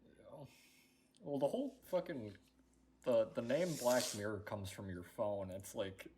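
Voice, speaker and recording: A man's voice: medium pitch, big pitch swings, measured pace, darkish tone, a little hiss or hum. A young man co-hosting a podcast, explaining things in a rambling casual way full of fillers. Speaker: podcast co-host. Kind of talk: casual chat.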